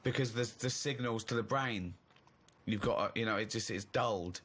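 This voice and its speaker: A man's voice: fairly low pitch, moderate pace, fairly bright tone. A man hosting a casual comic chat, mocking and teasing his co-host. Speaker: podcast host.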